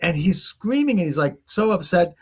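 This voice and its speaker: A man's voice: sits high, big pitch swings, normal speed, breathy edge. A man hosting a talk show, rambling as he retells stories and acts out the people in them. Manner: rambling storyteller, acts out quoted voices. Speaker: host. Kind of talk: casual conversation.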